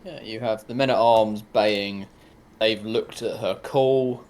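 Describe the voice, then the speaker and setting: Lowish-voiced man running a tabletop game. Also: slow. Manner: relaxed, with frequent ums. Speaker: game master.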